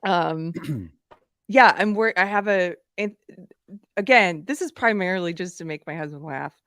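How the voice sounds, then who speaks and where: A woman's voice: on the low side, expressive, a little slow, a bit bright, no echo. A woman with a Southern American accent hosting a casual live-stream chat, laughing often. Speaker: podcast host.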